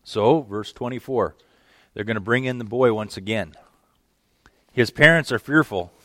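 A man preaching a verse-by-verse sermon in a conversational, animated way, acting out the scenes. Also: mid-range voice, normal speed, no room sound. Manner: animated, conversational, acts out the text. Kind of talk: expository sermon.

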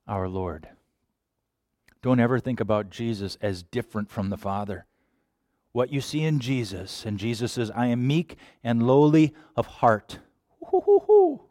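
A man preaching a sermon, animated, sometimes acting out quoted voices. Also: mid-range voice, no echo, clean studio sound. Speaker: pastor.

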